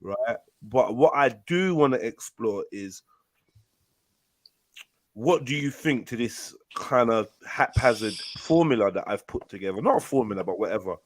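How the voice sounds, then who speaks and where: A man's voice: mid-range voice, expressive, moderate pace, no echo, low-quality recording. A man hosting a live online panel, blunt and argumentative as he presses his point. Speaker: panel host.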